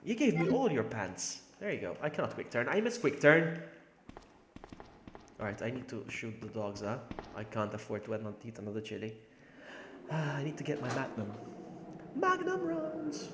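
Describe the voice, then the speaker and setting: A man's voice: mid-range voice, very animated, normal speed, pauses often. A man from Malta chatting casually with his viewers while he plays a game on a livestream. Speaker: streamer. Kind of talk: casual gaming livestream chat. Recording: echoey room with background noise.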